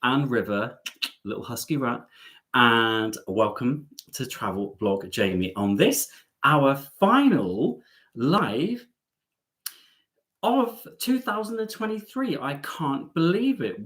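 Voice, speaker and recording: A man's voice: mid-range voice, sing-song, measured pace, a bit bright. A man hosting a chatty live stream from home, playful and camp, teasing his audience.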